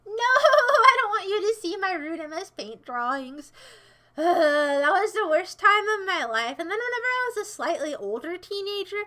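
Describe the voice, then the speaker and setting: A woman's voice: extremely high pitch, big pitch swings, moderate pace, sharp tone. A young American woman livestreaming, casually rambling and teasing her chat with sarcastic remarks.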